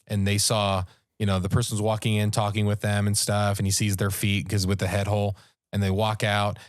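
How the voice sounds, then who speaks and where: Low-voiced man telling a story. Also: completely flat delivery, fairly quick, no room sound, clean studio sound. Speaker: podcast co-host. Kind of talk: casual storytelling. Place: podcast studio.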